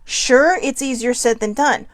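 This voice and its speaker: In a dry recording, a middle-aged woman with a high-pitched voice speaks at a measured pace while hosting a reflective personal show. Her casual, earnest musing is full of self-directed questions, and incense smoke makes her voice slightly shaky.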